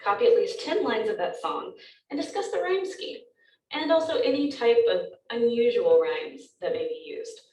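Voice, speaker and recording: A woman's voice: a little high, sing-song, normal speed, warm tone, echoey room, far from the mic, rough recording. A woman teacher giving a recorded lecture, explaining step by step with frequent ums.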